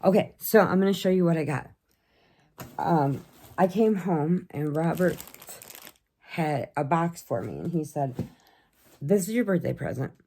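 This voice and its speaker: Middle-aged lady vlogging, low-ish voice, laughs a lot, does the voices when she quotes folks. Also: lively intonation, a little slow, long pauses, warm tone. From United States. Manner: chatty storyteller, laughs often, acts out quotes. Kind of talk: casual chat.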